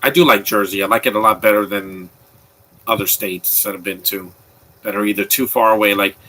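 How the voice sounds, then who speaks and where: A man's voice: on the low side, steady tone, brisk, bright, forceful tone, poor audio. A man giving casual, opinionated live commentary on a movie, rambling with frequent restarts. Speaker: film commentator.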